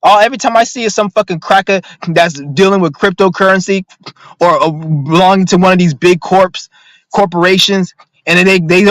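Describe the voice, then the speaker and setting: A man's voice: sits high, steady tone, moderate pace, a bit bright, no room sound, poor audio. A man ranting to his viewers in a profane, rambling, emphatic monologue, reading out their comments now and then. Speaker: vlogger.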